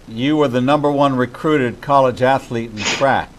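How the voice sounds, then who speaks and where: A man from Pittsburgh hosting an interview, asking questions in a measured, deliberate way. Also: medium pitch, low-quality recording. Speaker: interview host.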